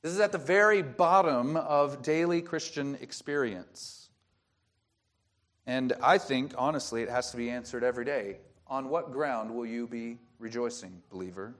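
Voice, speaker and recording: A man's voice: mid-range voice, normal speed, fairly bright tone. Man preaching a teaching sermon. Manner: teaching, explains grammar, asks rhetorical questions. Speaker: pastor.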